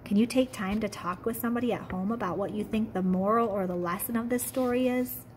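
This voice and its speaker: A woman, a teacher, reading a picture book aloud to children, with gentle questions to her young listeners. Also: medium pitch, brisk, a little hiss or hum.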